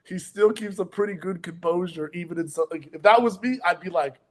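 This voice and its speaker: A man's voice: high-pitched, brisk. A man, a pro wrestler guest, chatting in a casual podcast interview with brash, boastful trash talk and amused storytelling.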